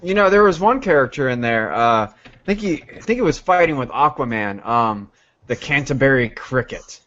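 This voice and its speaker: Casting: mid-pitched male co-host, easygoing and chatty, dull lo-fi recording. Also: animated, normal speed, fairly bright tone. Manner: chatty, reads off lists. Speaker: podcast co-host. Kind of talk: casual chat. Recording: dull lo-fi podcast audio.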